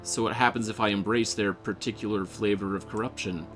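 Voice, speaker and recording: A man's voice: fairly low pitch, fairly even intonation, brisk, hardly any pauses, fairly bright tone, soft background music. A man casually playing through a game, reading its text aloud and chatting, often tripping over words. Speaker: game player.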